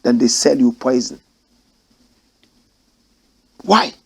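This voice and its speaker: A man's voice: medium pitch, expressive, slow, vocal fry, breathy edge. A man who hosts a commentary show, reading news reports aloud and breaking into emotional, ranting remarks. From Ghana. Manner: emotional, rants and exclaims between read passages.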